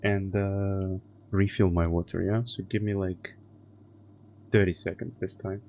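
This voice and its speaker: Man, streamer, casual chat, swears a lot, rambling, lowish pitch. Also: level tone, unhurried, vocal fry, dark tone, a little hiss or hum. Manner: crude, profane, rambling anecdotes.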